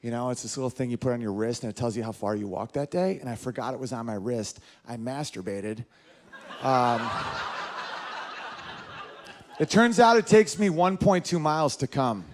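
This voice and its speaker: Against a noisy background, a man from northern New York speaks at a moderate pace with medium pitch during a stand-up comedy set at a club. He tells animated stories and acts out the voices of people in them.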